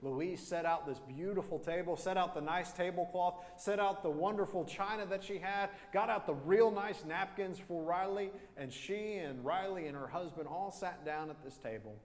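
A man's voice: fairly high pitch, moderate pace. Male pastor preaching in a reverberant church. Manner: earnest storytelling, repeats key phrases. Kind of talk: sermon. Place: church sanctuary.

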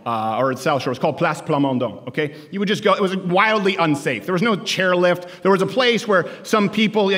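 Loud sarcastic man in an echoey hall. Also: on the high side. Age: 30s. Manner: loud, joking, sarcastic, shouts punchlines. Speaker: political commentator speaking to students. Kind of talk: stand-up style campus speech. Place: large lecture hall with a live audience. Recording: echoey hall, live crowd.

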